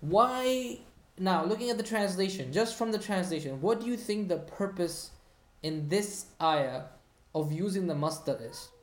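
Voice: mid-range voice, expressive, unhurried. Patient teacher in a roomy echo. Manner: patient, checks understanding with frequent "hmm?" and repeats key phrases. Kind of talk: online Arabic grammar lesson, reading student comments.

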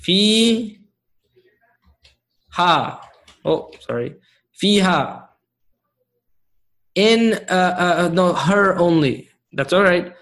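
Slow, patient man teaching a class. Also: sits high, animated, fairly bright tone. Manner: slow, patient, checks in with students often. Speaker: Arabic grammar teacher. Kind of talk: live class lesson.

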